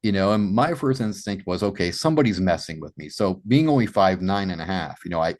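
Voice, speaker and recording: A man from Massachusetts, a podcast guest, telling his story in an animated way with many "you know" fillers. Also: low-pitched, a little fast. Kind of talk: storytelling in an interview.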